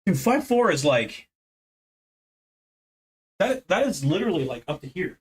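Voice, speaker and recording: A man's voice: high-pitched, sing-song, unhurried, slightly rough. Casting: young American man, brash profane streamer, rambling brag. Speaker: livestream host. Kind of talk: casual livestream chat.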